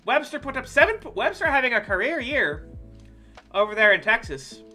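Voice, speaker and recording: A game streamer chatting casually through a sports sim, voice bright and animated, leaping up in pitch. They swear freely and flare into loud, exasperated complaints, with faint music underneath. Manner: profane, quick to loud exasperated outbursts. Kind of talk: casual gameplay commentary.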